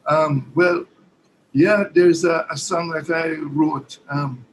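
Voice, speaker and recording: A Jamaican musician, appearing as a guest, chats softly and hesitantly with lots of fillers between songs he sings to acoustic guitar. His voice is a little high and fairly even, and he takes it slowly. The low-quality recording carries slight background noise.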